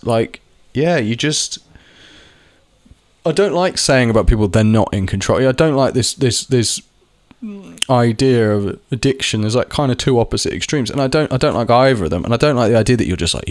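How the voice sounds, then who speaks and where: A man's voice: on the low side, no room sound, studio quality. A young man talking casually to camera, rambling with lots of restarts and the odd swear word. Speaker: vlogger. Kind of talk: casual monologue.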